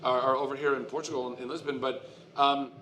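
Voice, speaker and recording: An American man in his forties, an animated storyteller who laughs often and restarts his sentences, talking as a guest on a live convention stage. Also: mid-range voice, fast, slight background noise. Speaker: guest actor. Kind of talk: casual stage interview.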